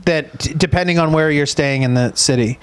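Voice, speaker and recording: A man's voice: on the high side, fairly quick, clean tone. A man co-hosting a podcast, trading loose, joking banter in casual chat. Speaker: podcast co-host.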